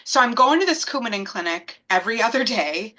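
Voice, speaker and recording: Bright-voiced woman telling a lively story. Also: fairly high pitch, fairly quick, low-quality recording. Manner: animated, acts out quoted voices. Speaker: guest. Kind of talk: casual storytelling in an interview.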